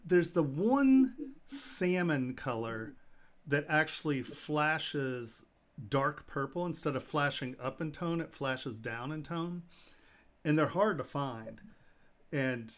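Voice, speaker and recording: A middle-aged man, a jeweler, telling lively anecdotes in casual chat with fillers and laughs. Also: mid-range voice, takes it slowly. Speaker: jeweler guest.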